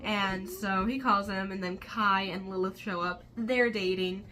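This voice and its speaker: A woman's voice: medium pitch, steady tone, unhurried, background noise. A woman recapping a novel in a chatty, rambling way, with many fillers. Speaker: book vlogger. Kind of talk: casual book recap.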